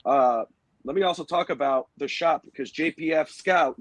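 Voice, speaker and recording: A hoarse, raspy-voiced man who is sick, cutting in quickly and apologetically. His voice sits a bit high for a man. The sound is dry, with no room echo. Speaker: show guest.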